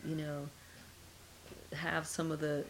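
A woman's voice: low voice, monotone, slow, slight background noise, rough recording. A middle-aged woman being interviewed, talking casually and musing with rhetorical questions.

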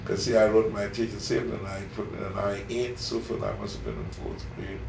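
Gravelly older man, rambling and folksy. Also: on the low side, steady tone, quick pace. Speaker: interviewee. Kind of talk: casual dialect interview. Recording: echoey room, distant mic, noisy.

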